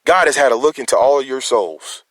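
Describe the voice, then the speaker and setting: A man's voice: mid-range voice, expressive, brisk, a bit bright, dry recording. Man rambling with stammered restarts. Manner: confrontational, challenging listeners. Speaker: concerned citizen. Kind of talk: emotional personal monologue.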